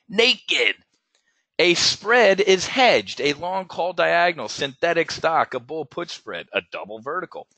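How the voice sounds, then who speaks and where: A man's voice: medium pitch, pushed and bright, no echo. A man hosting a casual live webinar as an options trading coach, stammering and repeating words, blunt and salty, with pilot slang.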